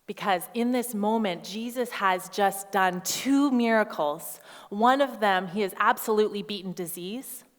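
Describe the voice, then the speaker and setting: A woman in her thirties preaches with lively, theatrical energy, slipping into quoted voices and wry asides. Her pitch sits mid-range. Her voice rings out with a long church-hall tail behind it. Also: measured pace. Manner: animated, acts out quoted voices, humorous asides. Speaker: pastor. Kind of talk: sermon.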